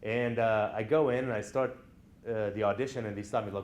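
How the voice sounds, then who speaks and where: A man's voice: fairly low pitch, fairly even intonation, brisk, darkish tone. A man lecturing college students in a classroom, telling personal stories in a conversational way and often checking in with the class.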